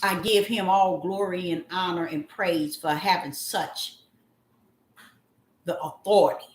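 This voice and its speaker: A woman calling herself a prophetess, giving a slow spoken devotional message. She draws her words out and breaks into loud cries of apology. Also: lowish voice, fairly even intonation, roomy sound, slight background noise. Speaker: self-styled prophetess.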